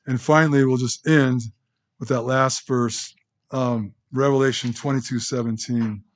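A man preaching a sermon as pastor, in a conversational, halting way with restarts and asides, in a church. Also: medium pitch, fairly even intonation.

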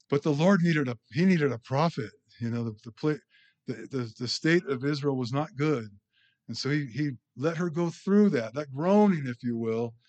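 A man preaching an informal sermon in a conversational, halting way, often restarting his words. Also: medium pitch.

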